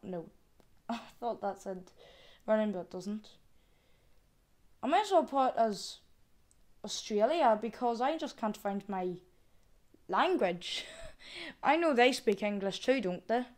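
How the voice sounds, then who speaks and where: A woman with a slightly high voice talks straight to her viewers in a casual vlog. She is chatty and exclaims often, thinking out loud in a relaxed, homely way. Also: a little slow, pauses often. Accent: non-American, with regional word "wee". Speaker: vlogger. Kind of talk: casual unboxing chat to viewers.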